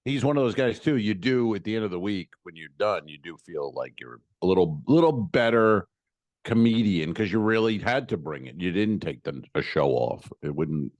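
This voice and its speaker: A man's voice: low voice, lively intonation, normal speed, a little mellow, dry recording. A man, a stand-up comedian hosting a podcast, chatting loosely and rambling, swearing now and then. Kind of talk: casual podcast chat.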